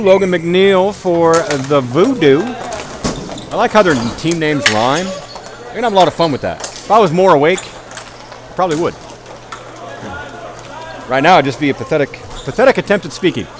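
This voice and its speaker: Tired, high, animated hockey commentator man. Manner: joking, self-mocking, rising excitement on goals. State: tired after hours of calling games. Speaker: play-by-play commentator.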